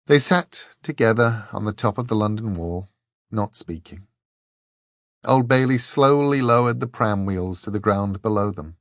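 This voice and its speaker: Slow, low-voiced male audiobook narrator. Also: dry recording, clean studio sound. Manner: measured, expressive.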